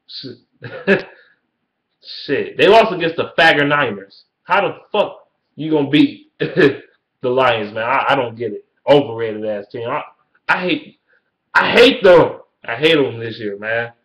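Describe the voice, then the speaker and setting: A man delivering a heated, profane sports rant, repeating himself and swinging between yelling and low mutters. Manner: heated, swearing, rising to yelling. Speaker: sports fan vlogger.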